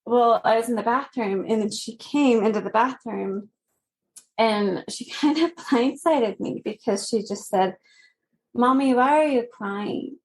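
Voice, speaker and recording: Slow earnest woman guest. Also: a little high. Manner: slow, earnest, laughing softly between phrases. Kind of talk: personal story in a podcast interview.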